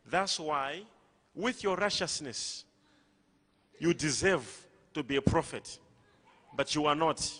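Male preacher, high bright voice, forceful call-and-response delivery, in a big echoing church hall. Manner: emphatic, repetitive, rising to shouts.

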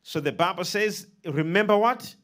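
A man preaching a sermon, leading the congregation in call-and-response and swinging between loud, emphatic lines and soft ones. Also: high voice, expressive, normal speed.

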